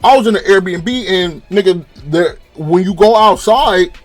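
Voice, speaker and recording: A man's voice: sits high, unhurried. A young man from California giving a rambling, profanity-heavy casual review of a TV episode. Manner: profane, rambling, animated retelling. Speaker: show reviewer.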